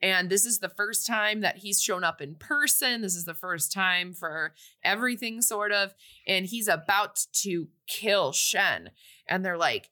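This young woman co-hosts a podcast and loosely retells a movie's story, rambling and using lots of fillers. Her mid-range voice is sharp and animated, though she keeps a measured pace.

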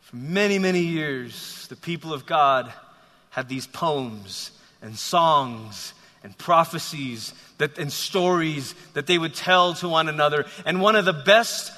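A man's voice: a little high, unhurried, sharp tone. A man preaching a sermon, telling a story animatedly with frequent restarts. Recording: long hall reverb.

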